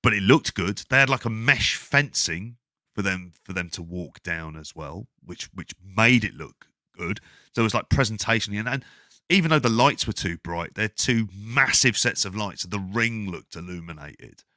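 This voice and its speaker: Deep-voiced sweary man on a podcast. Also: moderate pace, dry recording, studio quality. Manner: sweary, rambling, animated. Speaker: podcast co-host. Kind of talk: casual wrestling podcast chat.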